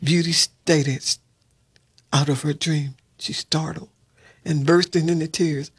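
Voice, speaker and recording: A man reading a fairy tale aloud at a steady pace, with occasional slips and restarts. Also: on the high side, takes it slowly, breathy edge. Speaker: reader. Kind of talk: storybook read-aloud.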